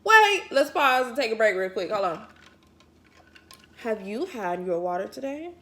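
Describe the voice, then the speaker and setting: A woman's voice: on the high side, big pitch swings, unhurried, sharp tone. A woman chatting casually to camera as a vlogger, folksy and encouraging, drifting off topic. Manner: encouraging, pep-talk delivery.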